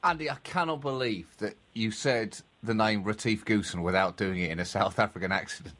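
A man co-hosting a comedy podcast, teasing his partner with animated, mock-outraged emphasis. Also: lowish voice, brisk. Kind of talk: comic banter.

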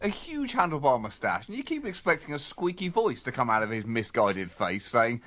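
A man's voice: mid-range voice, sing-song, normal speed, a bit bright. A man co-hosting a satirical comedy podcast in a sardonic, mock-exasperated way, groaning at his partner's puns. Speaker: co-host.

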